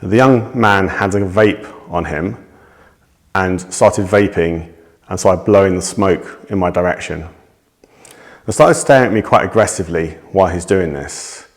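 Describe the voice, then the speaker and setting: A man giving a testimony, recounting a personal incident in a measured, steady way with small restarts. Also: deep voice.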